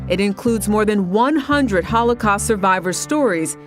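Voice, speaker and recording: A woman reporter reading scripted news narration with a measured delivery. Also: medium pitch, expressive, soft background music.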